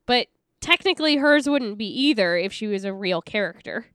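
A woman's voice: medium pitch, animated, moderate pace, a bit bright, smooth, dry recording, clean studio sound. A woman co-hosting a casual movie podcast, making wry joking asides. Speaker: podcast co-host.

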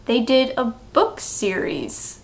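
A woman's voice: on the high side, big pitch swings, slow, gravelly. A young woman co-hosting a movie podcast, chatting casually and peppering her talk with "like". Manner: chatty, many "like"s, reads descriptions aloud. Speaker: podcast co-host.

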